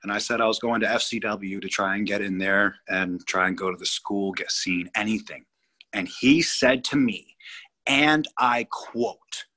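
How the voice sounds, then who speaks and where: A man's voice: fairly low pitch, a little slow, sharp tone. A man in his thirties from California, a guest telling a story in an interview, rambling and emphatic with many restarts. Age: 30s.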